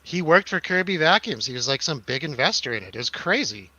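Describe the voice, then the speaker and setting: Young guy on a podcast, bright voice, dry close sound, tells it big. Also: a little high, brisk, no echo, lo-fi sound. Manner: animated storyteller, swearing, acts out quotes. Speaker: podcast co-host. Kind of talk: casual chat.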